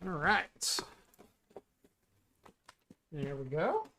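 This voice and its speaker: A man's voice: on the high side, huge pitch swings, drawn-out words, creaky, heavy background noise. A man co-hosting a casual tech podcast, reading labels aloud and mock-ranting about pronunciation. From United States. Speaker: podcast co-host. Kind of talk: casual chat.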